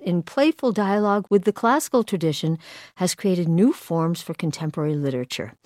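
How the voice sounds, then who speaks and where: A woman's voice: medium pitch, darkish tone, no room sound, studio quality. A woman hosting a radio interview, asking curious questions with light laughs. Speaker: radio news host. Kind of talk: broadcast interview.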